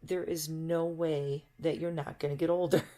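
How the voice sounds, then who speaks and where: Low-voiced woman rambling casually. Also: little pitch movement, unhurried, warm tone. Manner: chatty, reflective, laughs easily. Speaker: vlogger.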